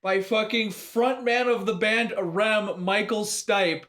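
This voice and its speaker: Guy with a pretty high voice, snarky, swearing a lot while he picks apart a movie. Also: steady tone, slow, sharp tone. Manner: sarcastic, swears a lot, laughs mid-sentence. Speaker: podcast co-host. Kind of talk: casual movie review chat.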